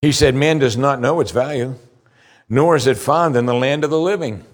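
Slow, deliberate scripture reading marks this pastor's sermon. The man's pitch lifts in animated surges each time he presses a point.

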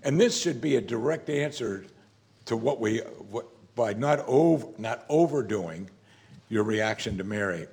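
This pastor's voice is medium in pitch, gravelly and darkish, with lively intonation and a slightly slow pace. He delivers his sermon conversationally, peppering the congregation with rhetorical questions and acting out scripture in character.

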